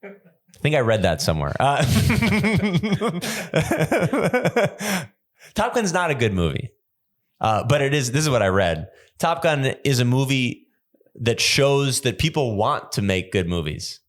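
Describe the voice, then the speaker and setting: Rambling young comedian, animated storytelling. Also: male voice, medium pitch, takes it slowly. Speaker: podcast host and stand-up comedian. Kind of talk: casual comedic chat.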